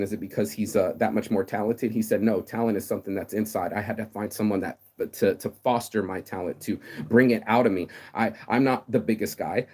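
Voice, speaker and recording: A man in his thirties delivering a rambling, profane motivational monologue, stammering and repeating words, with sudden loud outbursts. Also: fairly low pitch. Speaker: vlogger.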